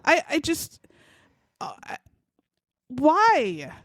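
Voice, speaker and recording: Woman podcast co-host, lively pitch, dry close sound, swears freely when outraged. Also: extremely slow, no room sound. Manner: outraged, profane, animated storytelling. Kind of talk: casual true-crime chat.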